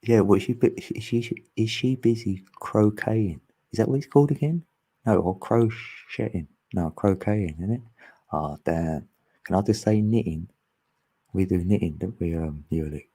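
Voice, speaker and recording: A man talks casually with his online group, wandering from thought to thought and laughing often. His voice sits a little low and sounds mellow and husky. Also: normal speed. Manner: rambling and chatty, laughs often. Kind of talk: casual chat.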